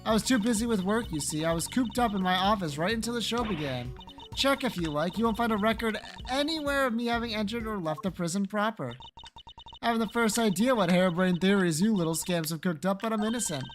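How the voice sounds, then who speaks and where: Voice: mid-range voice, lively intonation, fast, natural voice. A player voicing a flirty, condescending female prison warden who calls everyone darling, over faint game music. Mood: sugary. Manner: sugary and patronizing, calls others darling and sweetie.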